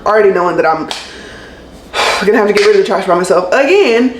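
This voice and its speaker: A woman's voice: medium pitch, fast talker. Exasperated woman ranting. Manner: animated, exasperated, sarcastic. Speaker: labor and delivery nurse. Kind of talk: casual storytime rant to camera. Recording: roomy room echo with faint ambient noise.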